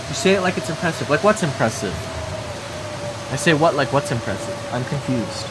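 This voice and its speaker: A man's voice: a little high, a little fast. An American man giving casual livestream gameplay commentary, chatty and swearing, talking back to his chat. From United States. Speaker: streamer playing a survival game. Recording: steady background noise.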